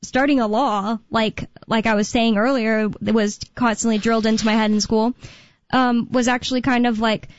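An American woman chatting on a podcast, rambling through her points with constant fillers and restarts. Her voice sits a little high. The sound is dry and dull, like a lo-fi recording. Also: fairly even intonation, moderate pace, dry recording. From United States. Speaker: podcast co-host. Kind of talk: casual chat.

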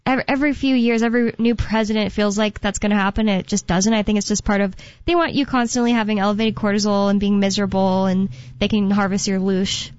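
A young woman in casual chat, rambling, losing her thread and filling pauses with um and uh. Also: medium pitch, fairly even intonation, darkish tone, clean tone, no room sound. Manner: rambling, loses her thread, many fillers. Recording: dull, lo-fi dry sound.

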